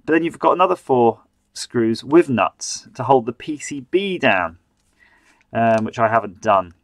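Male stream host, chatty and self-mocking, dry close sound, mid-pitched. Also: lively intonation, a little slow, no room sound. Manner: chatty, self-mocking, mutters while working. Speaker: host building an electronics kit on a live stream. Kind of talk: live stream chat.

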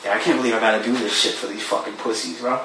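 An actor playing a brash young comedian who talks in crude, casual slang. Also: male voice, fairly low pitch, steady tone, rapid-fire, very echoey, far from the mic, background noise, close to an everyday voice. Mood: smug.

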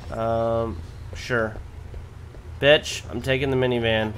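A man's voice: medium pitch, flat delivery, slow, fairly bright tone, slight background noise. A young man commentating on his gameplay, swearing and cracking jokes as he plays. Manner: profane, wisecracking. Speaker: let's play host.

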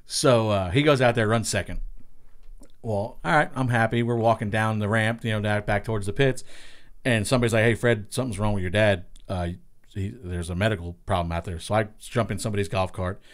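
Here a racing spotter, a middle-aged man from Long Island, New York, swaps casual stories laced with swearing, voicing what others said with animated flair. He speaks a little fast, his pitch on the low side.

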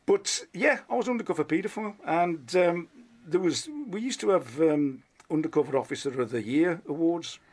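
A middle-aged comedian from England's Black Country, with the accent to match, chats as a radio guest in a casual interview. His slightly high, darkish voice is animated and moderately paced with hardly any pauses, and his self-deprecating stories ramble along, full of restarts.

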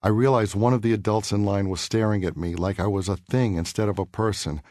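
A man from New York City reading his own memoir aloud for an audiobook, in a measured, earnest and reflective way. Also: on the low side, fairly even intonation, darkish tone, no room sound.

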